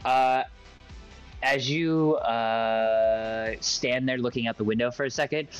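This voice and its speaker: A man's voice: mid-range voice, steady tone, slow pace, smooth. A young man narrating a tabletop game as game master, rambling and full of fillers. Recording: dull lo-fi voice chat with faint music.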